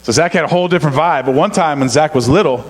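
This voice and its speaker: A man's voice: a little high, rapid-fire, crowd noise. Joking middle-aged man in a reverberant hall. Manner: joking, self-mocking, chatty. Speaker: pastor's son, co-preacher. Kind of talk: casual storytelling sermon.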